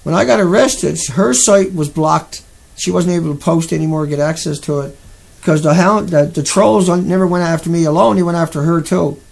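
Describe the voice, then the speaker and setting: Gravelly, high-pitched man ranting on a live stream. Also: moderate pace, a little mellow. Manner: agitated, repetitive, talks back to chat. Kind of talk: casual live-stream rant.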